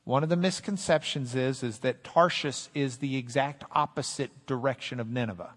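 A man preaching a sermon, animated, quoting scripture in dramatic voices. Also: medium pitch, normal speed. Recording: long hall reverb.

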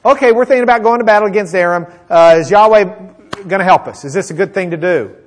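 A man's voice: high-pitched, fast talker, voice pushed up, lightly acted. A preacher voicing a petulant, irritable king. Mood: irritated.

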